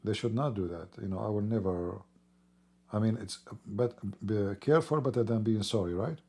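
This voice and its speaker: A hoarse man who is losing his voice talks in a rambling, emphatic way during a casual livestream, clearing his throat often. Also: on the low side, moderate pace, dark tone. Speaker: livestream host.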